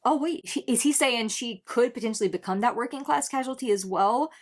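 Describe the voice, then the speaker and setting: A young adult woman talks through a song reaction in her own casual voice. She sits a little high in pitch and speaks with passion, dropping into sarcasm now and then, and pauses and restarts as she works out her thoughts. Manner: impassioned, sarcastic at times, thinks aloud with restarts. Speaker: music reaction host.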